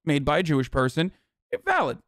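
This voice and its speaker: Fast-talking profane streamer man. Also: a little high, huge pitch swings, a bit bright, no room sound, studio quality. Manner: fast, profane, rambling reactions. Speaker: streamer host. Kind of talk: live stream commentary.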